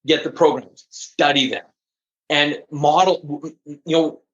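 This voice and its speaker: High-energy, emphatic male guest. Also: steady tone, slow pace. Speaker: podcast guest, trainer. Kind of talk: interview conversation. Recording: echoey, dull lo-fi audio.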